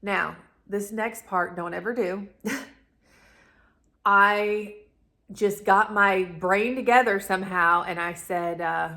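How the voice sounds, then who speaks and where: A woman's voice: mid-range voice, slow, long pauses, bright, forceful tone. A woman, telling a personal story to camera in a chatty, rambling way. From Southern United States. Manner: chatty, rambling, addresses viewers as y'all. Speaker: vlogger, channel host.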